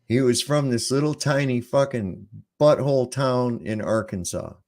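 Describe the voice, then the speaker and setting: A man's voice: on the low side, darkish tone. Rambling, profane male podcast host. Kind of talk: casual podcast chat.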